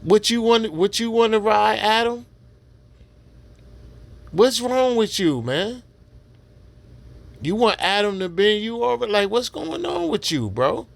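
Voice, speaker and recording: A man's voice: sits high, very animated, slow pace, creaky, long pauses. A man giving casual reaction commentary on a podcast clip, ranting and mocking in street slang. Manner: ranting, mocking, repetitive slang-heavy rant.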